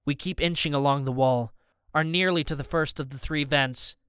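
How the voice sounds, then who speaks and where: A man's voice: on the high side, fairly even intonation, normal speed, a bit bright, clear, resonant tone, no room sound, studio quality. A man narrating a story in the first person with tense, urgent storytelling. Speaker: audiobook narrator.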